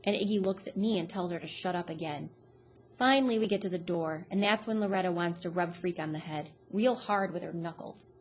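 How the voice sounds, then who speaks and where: A woman reading a novel aloud in a steady, plain storytelling manner. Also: lowish voice, brisk, slight background noise. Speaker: reader.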